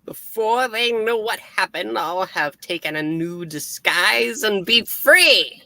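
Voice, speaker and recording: A woman's voice: medium pitch, animated, takes it slowly, vocal fry, pushed and bright, no echo, heavily acted. A woman voicing a sly male master-of-disguise villain in a casual comic read-aloud. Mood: smug.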